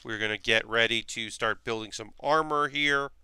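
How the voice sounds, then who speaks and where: Brief: male streamer, bright tense voice, rambly casual chat from a home workshop. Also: medium pitch, normal speed, clear, resonant tone, dry recording. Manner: rambling, chatty, many fillers. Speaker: streamer building costume armor.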